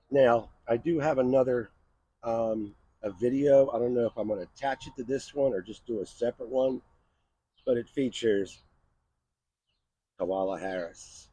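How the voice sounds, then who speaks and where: Brief: middle-aged American man, husky low voice, loose rambling vlog host, dry close sound. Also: unhurried, dark tone, no echo, rough recording. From USA. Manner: chatty, rambling, tosses in "right?" and "all right". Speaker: knife channel host. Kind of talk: casual outdoor knife review vlog. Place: outdoors in the cold.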